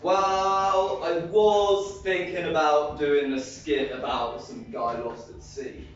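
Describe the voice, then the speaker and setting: An actor playing a stoned, giggly young Jesus with a Liverpool accent, rambling in a live stage comedy sketch. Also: male voice, fairly high pitch, flat delivery, slow pace, slight background noise. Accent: English, Liverpool. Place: club stage, heard from the room. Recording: echoey, distant, muffled lo-fi room recording.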